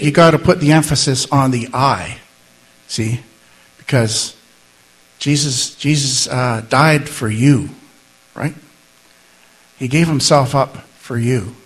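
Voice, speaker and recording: A middle-aged man preaching a sermon as pastor, earnest and slow, rising to emphatic calls and leading prayer. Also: mid-range voice, slightly rough, poor audio.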